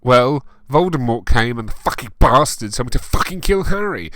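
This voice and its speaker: A man's voice: expressive, brisk, a bit bright, no room sound, clean studio sound. A man voicing a melodramatic teenage goth girl narrator, whiny and overwrought, for a comic story reading. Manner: overwrought, whiny, raised pitch.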